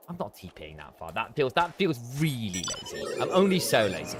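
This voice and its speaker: A man's voice: medium pitch, huge pitch swings, fairly quick, few pauses, a little hiss or hum. A man streaming a game, playfully reading dialogue aloud and joking in casual asides. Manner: playful, self-mocking asides. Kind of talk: casual let's-play voicing of game dialogue.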